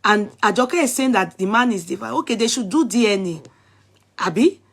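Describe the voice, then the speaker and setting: Husky Nigerian woman scolding viewers. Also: mid-range voice, normal speed. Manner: animated, scolding, repetitive. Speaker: vlogger. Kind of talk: casual commentary.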